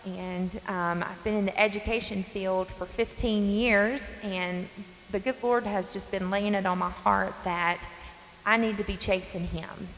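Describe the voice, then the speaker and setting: A woman's voice: medium pitch, steady tone, measured pace, a bit bright. A woman in her forties from North Carolina with a Southern accent, hosting a faith podcast in an earnest, folksy, emphatic way from her front porch. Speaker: podcast host. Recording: long reverb, faint hiss.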